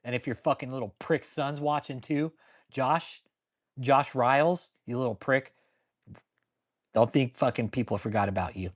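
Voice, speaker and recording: A man hosting his own channel, ranting angrily and swearing nonstop, pausing to answer viewers in the live chat. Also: mid-range voice. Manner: angry, swears constantly. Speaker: channel host. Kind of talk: profane ranting commentary with live chat replies.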